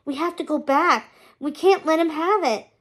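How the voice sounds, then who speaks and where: Storybook heroine, earnest and urgent, high and loud, read by a woman. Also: moderate pace. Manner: urgent, pleading. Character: anxious earnest young heroine.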